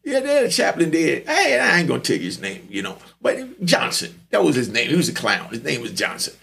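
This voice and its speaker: A gravelly-voiced man telling a story in a lively, streetwise way, his pitch sitting fairly high and swinging widely. He talks in loose, rambling runs and keeps checking in with the listener. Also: a little fast. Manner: animated, streetwise, repeats "you know what I mean". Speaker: podcast host telling stories. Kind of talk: storytelling monologue.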